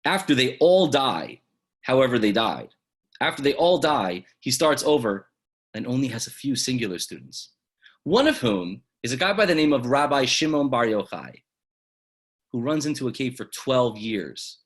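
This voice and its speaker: A man, a rabbi, teaching a lesson through dramatic storytelling that swings from loud exclamations to hushed asides. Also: mid-range voice, big pitch swings, normal speed.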